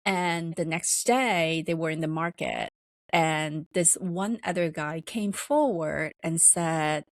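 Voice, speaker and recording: A woman's voice: takes it slowly, no echo. A woman podcast host retelling a story in a rambling, casual way with plenty of fillers. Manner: rambling, many fillers, acts out quoted voices higher.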